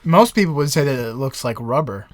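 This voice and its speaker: A man's voice: medium pitch, animated, a little fast, no echo, clean studio sound. A young man co-hosting a podcast in casual chat, dropping wry quips and short replies. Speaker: podcast co-host.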